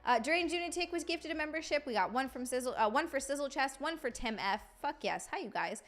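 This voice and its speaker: A woman's voice: high voice, expressive, a little fast, fairly bright tone. A young woman chatting casually on a live stream, swearing freely and greeting viewers by name.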